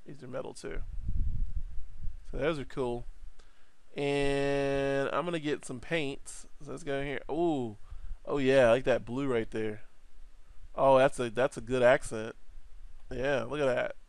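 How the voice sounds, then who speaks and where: A man giving a casual 3D art software tutorial, playful and rambling, with jokey asides. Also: medium pitch, steady tone, unhurried, vocal fry, pauses often, smooth, no room sound.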